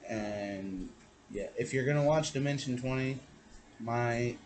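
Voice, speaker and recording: A man's voice: mid-range voice, slow pace, a little mellow, slight background noise, poor audio. Laid-back man running a game. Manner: swears freely, laid-back. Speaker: game master. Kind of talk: casual chat.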